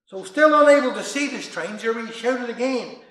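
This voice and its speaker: Bright man telling jokes. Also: extremely high pitch, lively intonation, moderate pace. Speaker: storyteller. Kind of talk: dialect joke telling. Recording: roomy echo.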